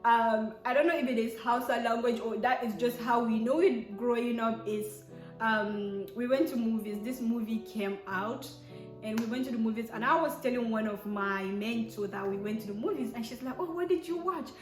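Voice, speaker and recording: A young Nigerian woman with a Nigerian accent telling stories to camera in a casual, animated way, often exclaiming and acting out both sides of conversations. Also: fairly high pitch, moderate pace. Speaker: vlogger. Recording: echoey room with soft piano music.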